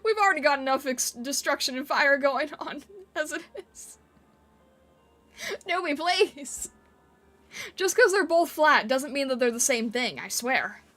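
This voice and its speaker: Giggly high-voiced woman streamer. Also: expressive, unhurried, sharp tone, faint music behind. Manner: giggly, playfully reacting to chat. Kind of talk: casual live-stream chat.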